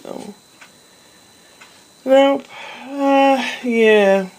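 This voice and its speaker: A woman's voice: high voice, extremely slow, darkish tone, a little hiss or hum, rough recording. A woman vlogger talking to her camera in a chatty, meandering way, talking to herself now and then. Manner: chatty, meandering, with laughs and self-talk. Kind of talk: casual rambling monologue.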